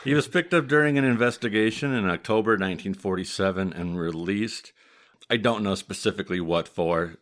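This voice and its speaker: A man with a Midwestern American accent hosting a podcast, telling history in a steady, matter-of-fact way with dry humor. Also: low voice. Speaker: podcast host, mafia historian. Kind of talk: casual podcast chat.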